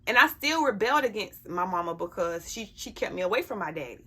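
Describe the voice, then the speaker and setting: An expressive woman with a medium-pitched voice, a sharp tone, and a breathy edge talks at a quick pace. Sharing parenting advice in a casual vlog to her camera, she stays blunt and emphatic, constantly checking in with "you know what I'm saying."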